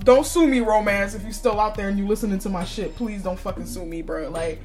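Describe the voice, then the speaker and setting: A woman's voice: mid-range voice, a little fast, music in the background. A woman hosting a podcast, giving blunt, profane opinions in casual chat and often breaking into laughter. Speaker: podcast host.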